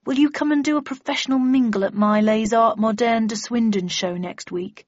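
A woman's voice: fairly high pitch, moderate pace, no room sound, muffled recording, natural voice. A woman voicing a dour, grim adult brother who is a minister, in a storybook reading.

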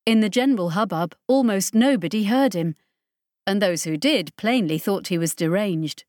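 Studio-quality and echo-free, this recording has a medium-pitched woman reading a science fiction audiobook. Her scripted narration is steady and measured.

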